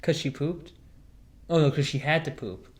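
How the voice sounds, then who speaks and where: A young man talks in a loose, rambling way, piling up fillers and restarting his sentences. His voice sits a touch high for a man. It is a relaxed, goofy chat. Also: moderate pace. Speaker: podcast host. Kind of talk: casual chat.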